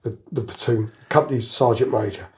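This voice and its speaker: A man's voice: mid-range voice, a little fast, a little mellow. An older man from England, a retired army veteran, telling rambling anecdotes in a casual interview. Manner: rambling anecdotal storyteller, chuckles through jokes.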